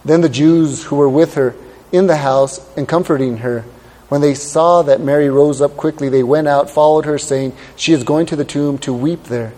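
A man's voice: on the high side, fairly even intonation, moderate pace, mellow, big-room sound. A male pastor preaching a sermon and reading scripture, asking rhetorical questions and drawing out words for emphasis.

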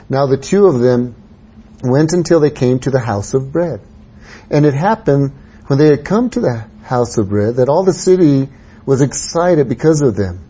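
Husky-voiced man preaching a sermon, dull sound. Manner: swings between soft low asides and bright raised exhortation.

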